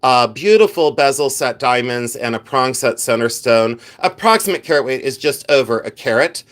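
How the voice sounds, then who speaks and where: A talkative man running a casual live jewelry sale at an everyday mid pitch. He rambles, answers his viewers by name and pokes fun at himself. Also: animated, moderate pace, fairly bright tone. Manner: chatty and rambling, talks to the viewers' chat by name; self-mocking with bursts of playful laughter. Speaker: vintage jewelry reseller hosting a live sale. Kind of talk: casual livestream selling chat.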